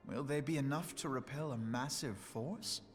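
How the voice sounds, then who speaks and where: A man's voice: mid-range voice, moderate pace, natural voice. An actor playing an earnest, polished young male scholar in a fantasy game, speaking precisely. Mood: skeptical.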